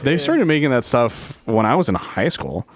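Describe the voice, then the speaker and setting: A man's voice: mid-range voice, very animated, normal speed, no room sound. A man in his thirties chatting casually as a podcast co-host. He tells long rambling stories, restarting his sentences and trailing off. His voice sits in a middle register and is recorded dry and close. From Mexican-American. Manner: rambling, self-interrupting storytelling. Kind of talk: casual chat.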